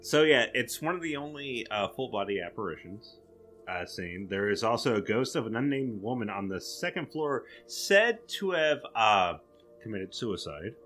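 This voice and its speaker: A man's voice: on the low side, expressive, moderate pace, a bit bright, soft background music. A man hosting a podcast, casually walking through researched material with a co-host.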